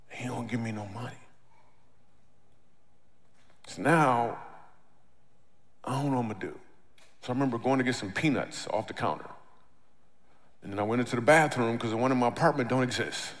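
A man's voice: mid-range voice, brisk, pauses often. Man telling a stand-up story in a hall. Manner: animated, acts out other people's lines. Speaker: comedian and speaker. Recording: long reverb of a large hall.

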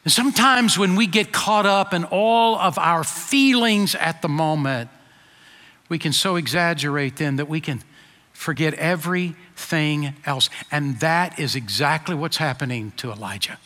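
A man preaching a sermon in an earnest voice that swings from emphatic peaks to quiet low asides. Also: measured pace. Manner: earnest, rising to emphatic then dropping soft. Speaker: pastor. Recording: long hall reverb.

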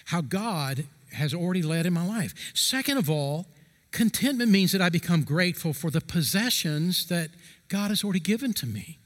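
A middle-aged male pastor delivers a sermon in an earnest, emphatic way, slowing down to press each key phrase. His voice sits high for a man. The sound rings with the long reverb of a church hall. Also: animated, a bit bright. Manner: earnest, emphatic preaching with slow stressed phrases.

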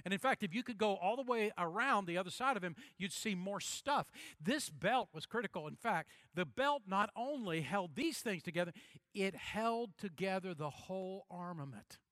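A man pastor delivering a sermon, emphatic, repeating key phrases and slowing down to stress them. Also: sits high, animated, fairly bright tone, dry recording, clean studio sound.

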